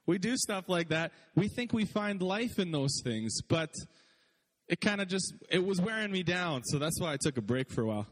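A man's voice: high voice, animated, moderate pace, big-room sound. A man preaching a sermon in a casual, chatty way, often laughing and saying "like". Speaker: pastor.

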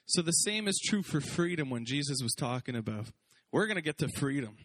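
Lively, joking male preacher. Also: fairly high pitch. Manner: lively, conversational preaching with quick jokes and acted quotes. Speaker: pastor. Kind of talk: sermon.

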